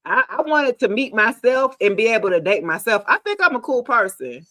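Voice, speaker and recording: A woman, giving a casual live tarot reading in a chatty, animated, slangy way, talking straight to her viewers. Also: a little high, fairly quick. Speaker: tarot reader.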